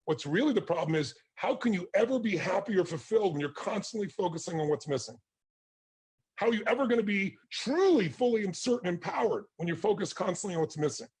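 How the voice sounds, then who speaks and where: Casting note: a forceful motivational speaker, a man whose voice runs raspy and higher than most. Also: expressive, quick pace. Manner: forceful, passionate, emphatic. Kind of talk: intense motivational talk to an interviewer and audience.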